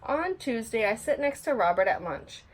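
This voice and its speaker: Expressive woman reading a picture book. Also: on the high side, normal speed, slight background noise. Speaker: storybook reader.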